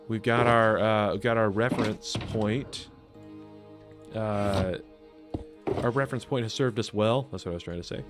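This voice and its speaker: A man on the low side talks at a normal speed, with long pauses, while streaming a game live against faint game music. He rambles, thinks out loud with lots of fillers, and makes chatty, self-deprecating asides to his audience.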